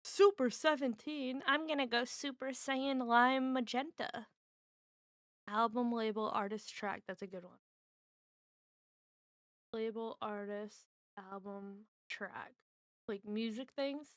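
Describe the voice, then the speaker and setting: A woman with a slightly high voice chats her way through word puzzles on a home stream. She speaks slowly and thinks out loud, trying guesses and teasing the others. The sound is close and dry. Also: fairly even intonation, dry recording. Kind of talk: casual chat while solving word puzzles.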